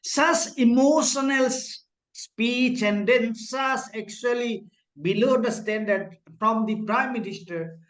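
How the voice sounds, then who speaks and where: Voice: medium pitch, takes it slowly, reverberant, poor audio. An interviewer who mostly offers brief agreeing interjections and short follow-up questions.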